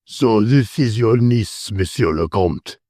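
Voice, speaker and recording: A man voicing a huge, bold old Dutchman who speaks slowly, with a strong guttural accent. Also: on the low side, animated, mellow, no room sound, clean studio sound. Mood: probing. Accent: strong guttural foreign accent.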